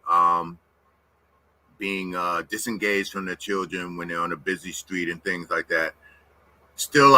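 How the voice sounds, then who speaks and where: A man in his sixties speaking in a measured, thoughtful way with pauses and fillers, replying on a podcast. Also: low voice, pushed and bright, no echo, poor audio. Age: 60s. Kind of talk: casual podcast discussion.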